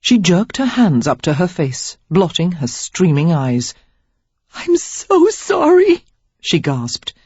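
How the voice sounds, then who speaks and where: An audiobook narrator reads with a lively, swinging melody. The voice has a husky grain. The recording is dry and slightly dull, with no room sound. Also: mid-range voice, a little slow, few pauses, no echo. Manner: expressive, lively reading. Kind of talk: scripted novel narration.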